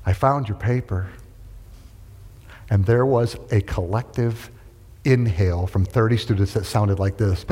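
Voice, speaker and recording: Speaking low and unhurried with long pauses, a middle-aged man delivers a sermon built around a story, playing each person in it with animated flair and voicing every quote. The recording carries the long reverb of a big hall.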